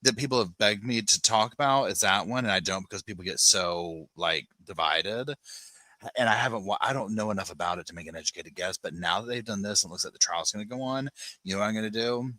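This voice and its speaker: A man with a low voice and a bright, forward tone chats through a casual live stream, greeting viewers by name and wandering from topic to topic. His talk is loose and rambling, full of "like" fillers, and the recording is dry and close. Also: fast, no room sound. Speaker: podcast host. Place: home, on a sofa with dogs nearby.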